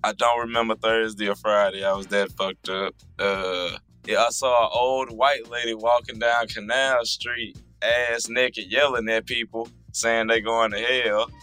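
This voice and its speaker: A man co-hosting a podcast, his voice hoarse and mostly gone, telling stories in a lively way and swearing often. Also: mid-range voice, a little slow, hardly any pauses, soft background music, low-quality recording. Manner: animated storyteller, swears a lot. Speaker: podcast co-host. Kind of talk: casual chat.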